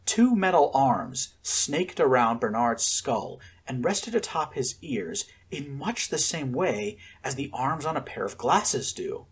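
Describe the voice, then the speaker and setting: A man narrating a fan-fiction story as an expressive audiobook reader. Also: mid-range voice, slow, hardly any pauses, breathy edge.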